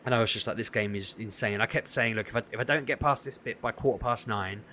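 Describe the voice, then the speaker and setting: Speaking fast in a fairly low voice, this podcast co-host tells a story during casual conversation, animatedly performing other people's quotes. A little hiss or hum runs under the recording.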